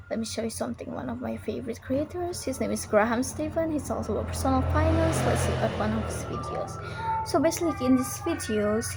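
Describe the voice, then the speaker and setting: A young woman recites a pronunciation lesson as a tutorial monologue, speaking deliberately and stressing the key words. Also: fairly high pitch, vocal fry. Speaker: English learner giving pronunciation tips.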